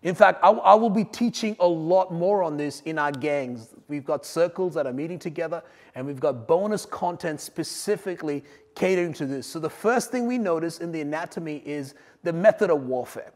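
A man preaching a sermon, swinging between loud emphatic lines and quiet asides. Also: fairly high pitch, expressive, normal speed, big-room sound. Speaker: pastor.

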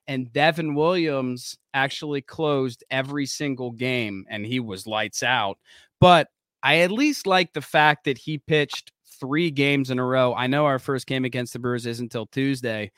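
Bright, crisp-voiced man in sports chat. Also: medium pitch, dry recording, studio quality. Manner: excitable, rambling, with restarts. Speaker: podcast co-host. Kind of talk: casual sports podcast chat.

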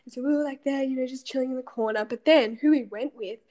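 A woman's voice: high voice, fast talker, dark tone. A young woman, co-hosting a podcast and telling a story in casual chat, giggly and self-mocking. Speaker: podcast co-host. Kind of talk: casual chat between friends.

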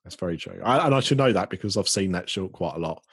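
Husky low-voiced British man chatting. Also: lively intonation, quick pace, dry recording. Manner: chatty, rambling with many ums and restarts. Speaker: podcast host. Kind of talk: casual podcast chat.

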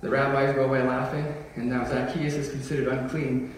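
A man's voice: mid-range voice, flat delivery, fairly quick, slight background noise. A young adult man preaching a sermon in a casual, joking way that builds to emphatic declarations. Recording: echoey hall, voice from far off.

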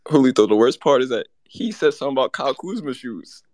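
A man speaks in a casual live-audio chat with a mid-range voice that moves up and down a lot. He laughs and pleads with the others to calm down, and the sound is dry and close. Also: mid-range voice, quick pace, dry recording.

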